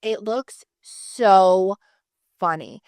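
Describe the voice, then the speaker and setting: Animated, swearing woman podcaster. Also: medium pitch, very slow, no room sound. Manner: animated, swearing, storytelling with acted-out quotes. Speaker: podcast co-host. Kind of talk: casual chat.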